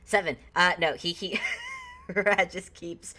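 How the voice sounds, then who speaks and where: A woman's voice: fairly low pitch, wildly swooping pitch, slow, sharp tone, a little hiss or hum. Giggly woman game master. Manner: giggly, laughs often. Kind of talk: narrating a tabletop game.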